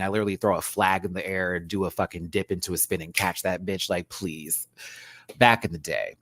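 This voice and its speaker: A man in his thirties chatting casually as a reviewer, spinning stories from school and the stage. He swears freely and breaks into laughter, his voice jumping between low asides and high yelps. The sound is dry and close. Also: no room sound. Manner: animated storytelling, swears freely, bursts into laughter and squeals. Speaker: drag show reviewer. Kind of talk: casual reaction chat.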